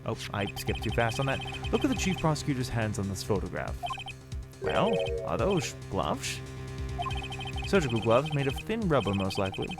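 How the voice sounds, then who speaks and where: A man reads a game's dialogue aloud as he streams it, his voice swinging up and down with plenty of life. He stumbles and restarts now and then, and adds quick comments of his own. Game music plays clearly behind him. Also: mid-range voice. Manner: animated, reads lines with small restarts and asides. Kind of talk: playthrough narration with read-out dialogue.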